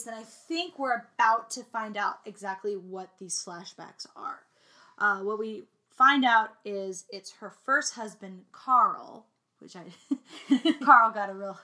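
A young woman co-hosting a casual movie recap podcast, animated and laughing, mimicking lines in exaggerated voices. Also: mid-range voice, unhurried. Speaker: podcast co-host.

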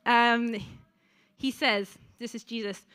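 A woman's voice: on the high side, steady tone, takes it slowly, fairly bright tone, clear, resonant tone. A woman preaching a sermon to a congregation in a church, chatty, with frequent ums and asides to the listeners.

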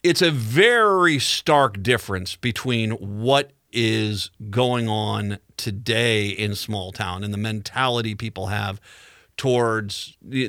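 Bright-voiced man rambling through a story. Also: on the low side, no echo, clean studio sound. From Midwest United States. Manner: rambling storyteller with frequent restarts and chuckles. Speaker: radio talk show host. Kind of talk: casual monologue.

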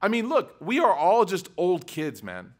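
In a high-pitched voice at a measured pace, a man delivers a religious lecture to a live audience. He relates animated personal anecdotes in a relaxed way, leaning on "like" and "right?", and regularly quizzes those listening.

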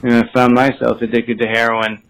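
A man leaving a rambling voicemail, pausing often with "uh" and "like". His pitch is mid-range and his tone is plain. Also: level tone, fairly bright tone, low-quality recording. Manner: hesitant, rambling, lots of fillers. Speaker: voicemail caller. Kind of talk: recorded voicemail message.

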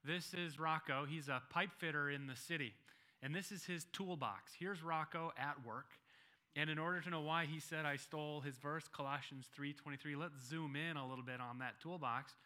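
A male pastor preaches in a bright, forceful voice pitched slightly above typical male range. He reads scripture slowly and deliberately, then stresses key phrases by repeating them.

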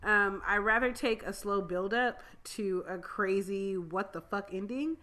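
A woman co-hosting a casual TV review chat, expressive and weighing praise against complaints. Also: medium pitch. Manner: expressive, laughs easily, measured opinions. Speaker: podcast co-host reviewing a TV series.

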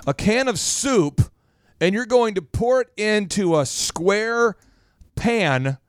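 A man's voice: high voice, lively intonation, takes it slowly, smooth, no echo, studio quality. A man hosting a casual show as a business coach, talking animatedly and slipping in mock regional accents for laughs. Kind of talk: casual podcast talk with lessons.

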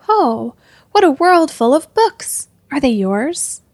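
An eager little boy king bursts with bright questions, as a woman reading the story puts him on. The voice sits high and lively, recorded close and dry. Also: normal speed, dry recording.

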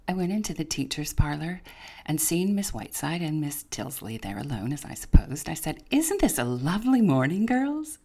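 A woman's voice: low-pitched, very animated, moderate pace, dark tone, exaggerated voice. A woman reading as a witty young teacher. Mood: arch. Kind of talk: dramatic reading of a journal entry.

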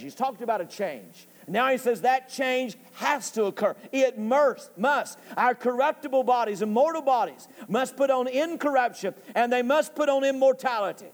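Pastor preaching hard, really high voice, gets shouty, church echo all around. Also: male voice. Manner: impassioned, rising to shouts at climaxes. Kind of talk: sermon. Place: church sanctuary. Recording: church hall reverb.

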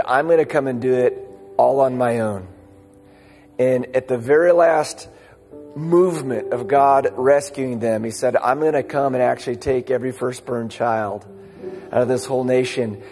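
A male pastor preaches in a relaxed, conversational way in a church sanctuary, his voice gravelly with fry. A long reverb of a large hall surrounds him. Soft instrumental music plays faintly underneath. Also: medium pitch. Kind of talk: sermon.

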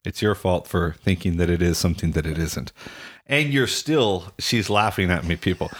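A man co-hosts a relationship podcast in a fairly low voice. He rambles through his points with a playful, teasing edge. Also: normal speed, slight background noise. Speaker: podcast co-host. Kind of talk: casual relationship podcast chat.

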